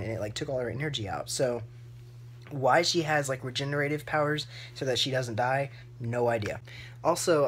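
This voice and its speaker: A woman's voice: rumbling low, slight background noise. A woman book vlogger reacting live to her reading, emotional and gushing, close to tears and full of "like" fillers.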